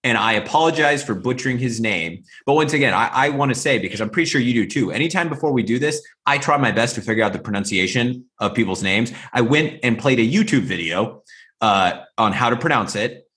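A man's voice: medium pitch, animated, brisk, fairly bright tone. A man co-hosting a podcast, chatting casually about films and acting out movie lines in shifting voices. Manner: rambling with frequent fillers. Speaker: podcast co-host. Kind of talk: casual film discussion.

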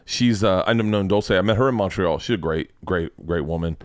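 A man's voice: low voice, moderate pace, no room sound, studio quality. A man hosting his own podcast, chatting casually and rambling, swearing often and laughing. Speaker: podcast host. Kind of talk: casual chat.

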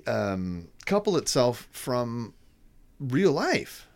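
A man co-hosting a podcast, chatting casually about films, animated and prone to swearing and trailing off. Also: mid-range voice, drawn-out words. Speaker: podcast co-host. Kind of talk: casual film chat.

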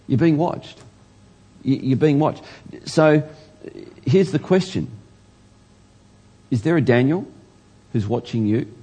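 A man's voice: medium pitch, expressive, takes it slowly, pauses often, mellow, breathy edge. A man preaching a sermon in an earnest way, often restarting words and pressing questions to his listeners. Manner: earnest, stammers and restarts, rising emphasis on questions.

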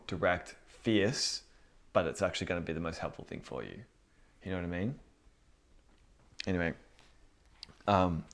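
A young man giving an informal, earnest sermon, chatty and full of fillers like "you know what I mean". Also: sits low. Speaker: preacher.

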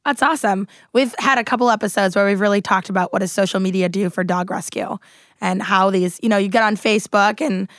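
A woman hosting a casual radio talk show from a studio, upbeat and quick to laugh. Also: medium pitch, fairly even intonation, no echo. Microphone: studio microphone.

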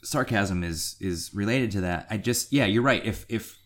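A middle-aged man co-hosting a podcast, telling a story in a casual way and acting out quotes with sudden high-pitched jumps. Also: moderate pace. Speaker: podcast co-host.

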